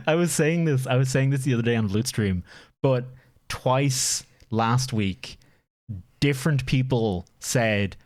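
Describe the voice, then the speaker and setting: A man's voice: mid-range voice, a little slow, darkish tone, dry recording, studio quality. A young Irish man streaming, chatting casually and rambling with a self-mocking laugh. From Ireland. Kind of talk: casual stream chat reacting to videos.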